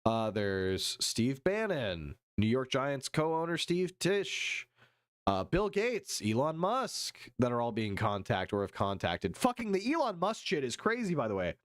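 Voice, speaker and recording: A man live-streaming, reading news haltingly and riffing profanely with his chat. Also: mid-range voice, sing-song, dry recording, clean studio sound. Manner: profane, reads chat aloud and riffs; reads news text haltingly with fillers.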